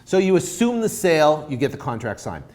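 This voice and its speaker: A man's voice: a little high, fairly quick. A man giving informal coaching on real estate deals, acting out both sides of a negotiation. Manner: animated, acts out both sides of a deal.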